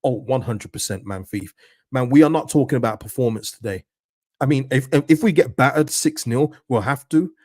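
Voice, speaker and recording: Guy hosting a live footy watchalong, hyped and pleading at the players, reading out chat, mid pitch, dry close sound. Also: normal speed, breathy edge, no room sound. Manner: excitable, pleading, chatty with viewers; reads out and answers chat messages. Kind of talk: live reactive football commentary chat.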